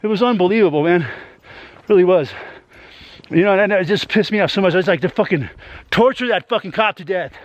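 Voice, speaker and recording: A man's voice: high voice, fairly quick, dry recording, highs cut off. A man venting to his YouTube audience in a rambling, heavily profane monologue, ending many lines with "man.".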